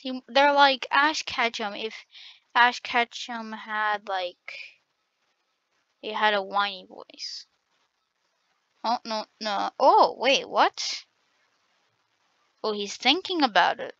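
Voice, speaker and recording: Excitable high-voiced woman gamer. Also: slow pace, pauses often, no echo. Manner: excitable, trash-talking. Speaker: gaming channel host. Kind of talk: gameplay commentary. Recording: dull lo-fi recording.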